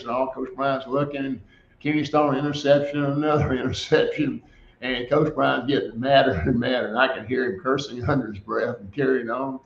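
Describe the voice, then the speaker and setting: Older male guest, spins stories with frequent chuckles, echoey dull audio. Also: medium pitch. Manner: chuckling storyteller, laughs often. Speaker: guest, former quarterback. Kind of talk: storytelling in a radio interview.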